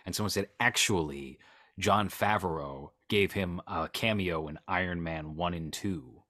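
A man's voice: low voice, a little slow, a bit bright, no echo, clean studio sound. A man co-hosting a podcast, chatting about films in a rambling, joking way and poking fun at himself. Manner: rambling, joking, self-deprecating. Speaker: podcast co-host. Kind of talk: casual film chat.

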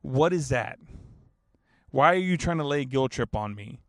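A man's voice: mid-range voice, animated, normal speed, no room sound, studio quality. A man in his thirties telling a story in a casual, rambling way, swearing freely and laughing at his own jokes. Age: 30s. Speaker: basketball fan telling a story.

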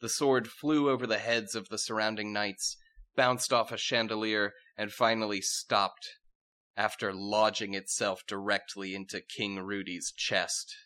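Bright-voiced man narrating a comic tale. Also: lowish voice, measured pace. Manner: wry, deadpan narration with frequent laughs. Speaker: narrator and storyteller. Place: podcast recording with friends.

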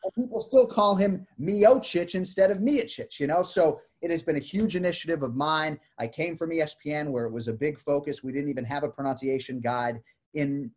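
A man in relaxed conversation, a combat sports broadcaster who talks in a lively way and acts out how names are pronounced. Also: a little high, a little fast. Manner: animated, demonstrates name pronunciations. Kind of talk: casual chat.

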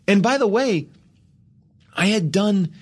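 Man, podcast guest, comic anecdote, lively delivery, voices for the people he quotes, middle-aged. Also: sits high, slow pace, husky. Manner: animated storyteller, acts out quoted people in shifting voices. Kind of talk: comic anecdote in casual chat.

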